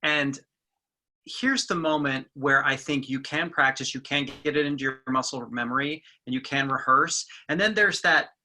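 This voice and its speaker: A man hosting the question round of an online webinar, asking friendly follow-up questions. His voice is mid-pitched and very bright and sharp. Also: normal speed. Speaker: webinar moderator. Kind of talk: moderated Q&A.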